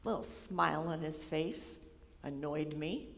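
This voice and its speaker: A young woman giving a sermon built on a personal story. She is animated and acts out her own worried voice as she tells it. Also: low-pitched, measured pace, vocal fry, slight background noise. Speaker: speaker giving a chapel talk. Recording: long hall reverb.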